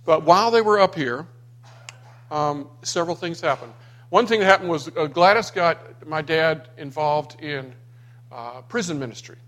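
Man telling family stories, a touch high. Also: normal speed, fairly bright tone. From Florida. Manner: anecdotal, acts out quoted people. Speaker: speaker sharing memories of his father. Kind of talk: personal storytelling to a small gathering.

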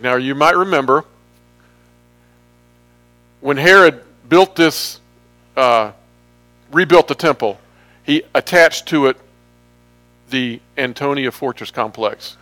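A man's voice: mid-range voice, sharp tone. A man giving a casual sermon from slides, chatty and joking, drifting off topic now and then. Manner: chatty, jokey, wanders off topic. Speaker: pastor.

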